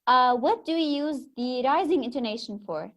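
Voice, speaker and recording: A woman's voice: high-pitched, lively intonation, moderate pace. A young woman with an Egyptian accent giving a classroom lecture, patiently explaining terms and quizzing her students. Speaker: teacher.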